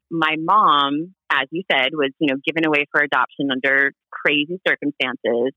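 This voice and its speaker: A man from Hawaii, a podcast guest, telling family stories in a casual interview, animated and laughing, acting out quoted voices. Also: on the high side, vocal fry, no echo, lo-fi sound.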